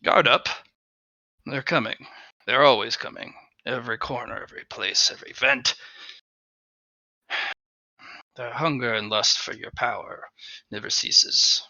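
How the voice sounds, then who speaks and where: A man voicing a sly, sinister sentient mask that hungers for monsters, in a slow, drawn-out, menacing delivery. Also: medium pitch, vocal fry, pushed and bright, no echo. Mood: ominous warning. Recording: dull lo-fi dry recording.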